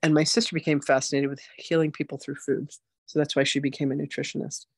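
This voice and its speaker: A woman in her sixties hosting a spiritual masterclass, telling her story in a chatty, animated way full of "like" and "you know". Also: sits low, fast, husky, no echo, clean studio sound. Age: 60s. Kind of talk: casual personal storytelling.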